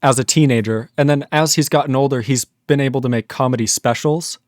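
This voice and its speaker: A man's voice: medium pitch, a little fast, no room sound, studio quality. A man with a Northern US accent, a guest rambling animatedly with many fillers in a casual livestream chat.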